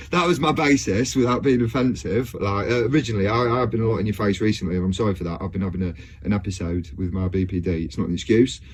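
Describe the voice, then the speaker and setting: A man's voice: lowish voice, fast talker, few pauses, slight background noise. A man, talking in a rambling casual monologue to his viewers, hesitant and full of fillers and restarts. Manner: hesitant, many fillers and restarts, laughs often. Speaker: video blogger.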